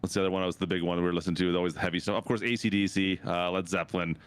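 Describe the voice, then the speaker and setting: A Canadian man in his thirties, a streamer rambling casually with his chat, his pitch jumping up for reactions. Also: level tone, rapid-fire, clean tone. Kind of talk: casual chat with chat while gaming.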